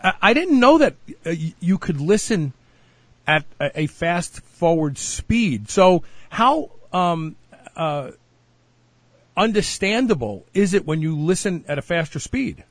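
A man's voice: high voice, very animated, measured pace, dry recording. A middle-aged man hosting an interview, talking with enthusiasm and leading into a break. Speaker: host. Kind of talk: radio-style interview hosting.

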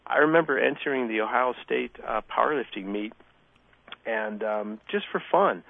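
A man's voice: mid-range voice, gravelly, dry recording. A middle-aged former athlete, a guest telling stories in a casual interview and acting out the exchanges he quotes. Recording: dry, phone-like narrow sound.

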